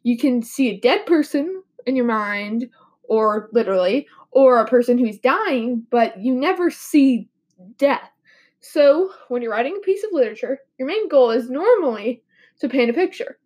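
High-voiced young woman explaining a poem. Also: animated, normal speed, a little mellow, husky. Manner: earnest, explanatory, with casual fillers. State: a little sick, coughing. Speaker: podcast guest. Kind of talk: mock podcast poetry analysis.

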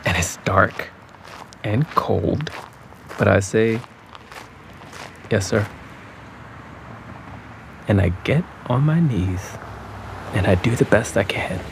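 A man's voice: on the low side, animated, takes it slowly, vocal fry, pauses often, a little hiss or hum, exaggerated voice. A young man narrating his own story in an audio drama, reflective and subdued. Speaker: narrator and lead character.

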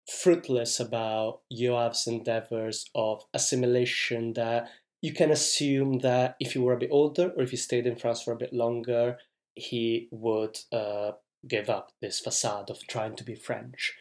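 Man, podcast co-host, thoughtful and halting delivery. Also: medium pitch, steady tone, darkish tone. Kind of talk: casual chat.

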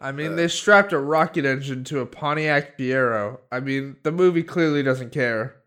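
Man, casual podcast chat, rambling, fillers, restarts, smooth clear voice. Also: medium pitch, normal speed, fairly bright tone. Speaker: podcast co-host.

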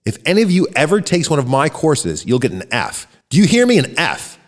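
A man voicing a hot-tempered, pompous male professor who shouts in indignant outbursts. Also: lowish voice, sing-song, moderate pace, in a large hall. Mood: furious.

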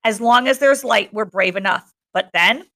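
A woman's voice: a little high, normal speed, fairly bright tone, lightly acted. Ralph, a woman reading as a frustrated boy leader.

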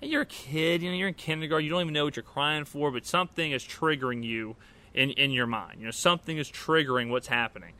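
Rambling bright-voiced man telling a story. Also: on the high side, fast talker. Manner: rambling, animated, many restarts and fillers. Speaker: vlogger. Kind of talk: casual storytelling to camera.

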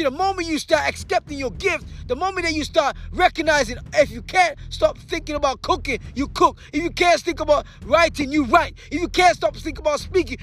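A man with a strikingly high voice delivers a motivational speech. He preaches with fervor, repeating rallying lines and swinging from shouting to a hushed, low murmur. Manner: repetitive rallying phrases. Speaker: motivational speaker.

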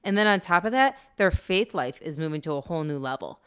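A woman's voice: fairly low pitch, lively intonation, fast talker, a bit bright, clean tone. A woman co-hosting a podcast in casual chat, earnest and chatty, laughing easily. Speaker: podcast co-host.

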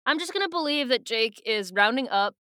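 Bright, chatty, casually sweary woman podcaster. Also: fairly high pitch, expressive, a little fast. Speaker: podcast co-host. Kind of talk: casual book-club chat.

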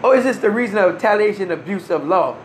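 A man's voice: sits high, animated, fast talker, slight background noise. A man telling a first-person story in an earnest, emphatic way, with short restarts and wry laughs. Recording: roomy echo.

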